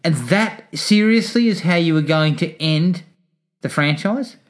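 Male podcast co-host, dry wry critic, somewhat higher voice. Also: measured pace. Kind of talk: casual film review chat.

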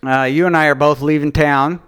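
A man's voice: fairly high pitch, fairly even intonation, fairly quick, a bit bright, clean tone, no room sound, clean studio sound. A man co-hosting a podcast, bantering and joking in casual chat. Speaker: podcast co-host.

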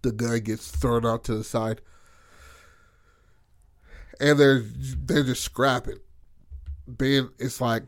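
Recounting a tabletop game in a relaxed, chatty way, this man curses often and performs his characters' dialogue with gusto. His medium-pitched voice moves slowly with long pauses, captured dry and clean in a studio.

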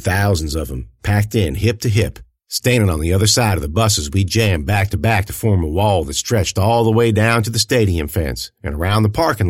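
Lively low-voiced male audiobook narrator. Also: no echo, clean studio sound. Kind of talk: first-person audiobook narration.

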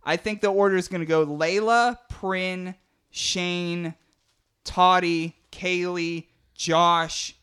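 A man's voice: sits high, fairly even intonation, slow pace, bright, forceful tone, clear, resonant tone. A man hosting a casual podcast with friends, organizing the game order and explaining the rules, laughing easily. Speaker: podcast host. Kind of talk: casual group chat.

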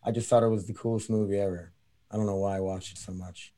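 A man's voice: fairly low pitch, fairly even intonation, quick pace, mellow. A man hosting a casual podcast, rambling and swearing loosely as he tells stories. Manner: rambling, profane, loose storytelling. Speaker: podcast host.

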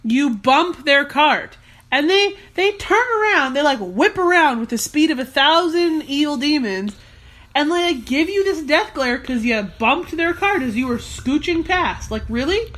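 Animated high-voiced Canadian woman. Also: unhurried. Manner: animated, exasperated storytelling with vivid exaggeration. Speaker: podcast co-host. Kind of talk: casual chat.

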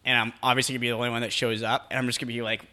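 A man's voice: medium pitch, flat delivery, racing, bright, forceful tone. A man co-hosting a podcast in casual banter, joking and acting out silly scenarios. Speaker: podcast co-host.

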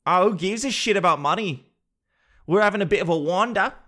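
A man's voice: high-pitched, a little fast, fairly bright tone, pitched above the performer's own voice. A man putting on a put-on Australian accent, voicing a carefree thrill-seeking young male traveler with a brash, drawling manner.

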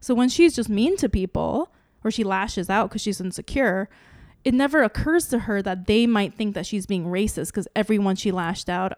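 A woman's voice: medium pitch, moderate pace, darkish tone, no echo. Woman, casual podcast co-host, rambling and profane, dry close mic. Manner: rambling, full of "like" and restarts, swears freely; acts out her own inner questions. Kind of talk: casual chat.

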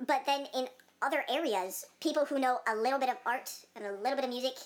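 A woman's voice: high-pitched, fast talker. A young woman in casual chat, rambling with many fillers and laughing often.

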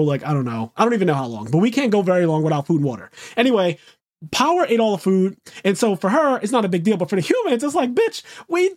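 A man talking casually and with lots of energy, his pitch bouncing widely as he acts out quotes. The sound is dry and close, with no room around it. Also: no echo. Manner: animated, swearing, acts out quotes. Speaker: podcast co-host. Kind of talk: casual chat.

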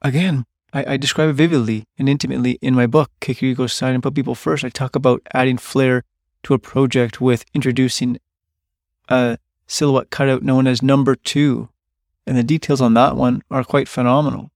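Man telling a lively work story. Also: mid-range voice, a little fast, vocal fry. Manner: animated storyteller, quotes coworkers in loud bursts. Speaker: podcast host. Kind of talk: storytelling monologue.

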